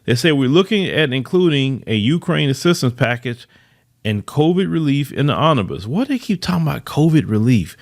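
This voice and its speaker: A man's voice: mid-range voice, big pitch swings, fairly quick, creaky. Emphatic man hosting a podcast. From United States. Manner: emphatic, repeats words for stress, reads news then comments. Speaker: podcast host. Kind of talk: news commentary podcast.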